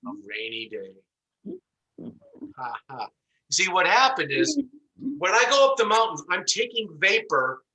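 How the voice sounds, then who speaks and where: A man teaching an online class, telling an animated story and acting out the voices as he explains. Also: high-pitched, moderate pace, low-quality recording. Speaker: instructor.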